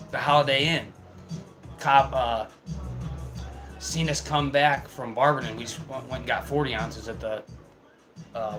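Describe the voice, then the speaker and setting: Young man, easygoing rambling storyteller, swears freely, chuckles a lot; clear music bed underneath. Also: mid-range voice, rough recording. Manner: laid-back, profane, laughs through his stories. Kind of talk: casual storytelling. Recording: music playing in the background.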